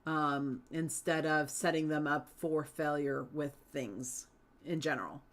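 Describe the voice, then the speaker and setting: A woman's voice: deep voice, unhurried. A woman hosting an interview, chatting and asking her guest a question while giving her own view. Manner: conversational, asks and gives her own view. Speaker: host.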